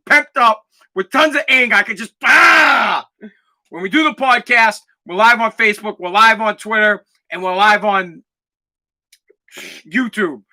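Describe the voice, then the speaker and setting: Fed-up 40s male podcast host, high, biting voice, profane rant with shouted outbursts. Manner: aggravated, profane, bursts into shouting. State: dusty throat, clearing it and coughing. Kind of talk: angry ranting monologue.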